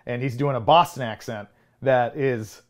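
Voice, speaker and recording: A man's voice: medium pitch, normal speed, faint music behind. A man in his thirties co-hosting a film podcast in casual chat, rambling with frequent restarts and chuckles. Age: 30s. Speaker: podcast co-host.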